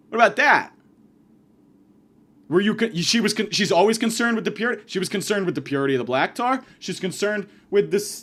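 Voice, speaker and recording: A man hosting a comedy podcast, telling stories in a profane, exasperated rant. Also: high-pitched. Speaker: podcast host.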